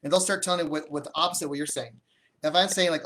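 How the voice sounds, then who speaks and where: Talking very fast in a slightly bright, higher voice with a steady tone, a man coaches real estate deals over a livestream. He fields viewer comments in an energetic, conversational way, often breaking off and restarting sentences.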